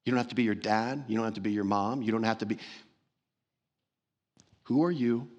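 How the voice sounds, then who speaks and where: A man's voice: fairly low pitch, fairly quick, a little mellow, dull audio. A man preaching a sermon as pastor, earnest and emphatic, repeating phrases for stress. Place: church sanctuary.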